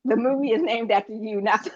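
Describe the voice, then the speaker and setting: A woman's voice: fairly low pitch, very noisy. A woman co-hosting a podcast in casual chat, talking frankly and at length, swearing freely. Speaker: podcast co-host. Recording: dull lo-fi recording.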